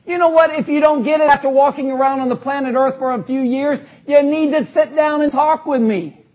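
A man preaching an energetic sermon in a church, joking with the congregation and calling for responses. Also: extremely high pitch, brisk. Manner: calls out to the congregation, joking, rising to loud exclamations. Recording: dull lo-fi recording.

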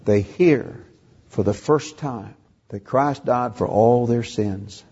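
A man's voice: mid-range voice, takes it slowly, warm tone, slightly rough, muffled recording. An older man preaching a sermon, telling a story and acting out the dialogue. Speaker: pastor.

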